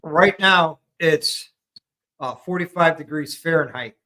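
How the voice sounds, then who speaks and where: A man's voice: a little high, slow, pushed and bright, rough recording. An American man and army veteran talking casually from his garage, earnest and fond of telling stories. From United States. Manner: earnest, storytelling. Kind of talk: casual chat. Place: garage at home.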